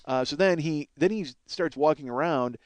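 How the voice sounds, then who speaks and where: At a normal speed and fairly high pitch, a podcast host in his 30s rambles through a long story by himself, swearing a lot and making fun of himself. The recording has no echo.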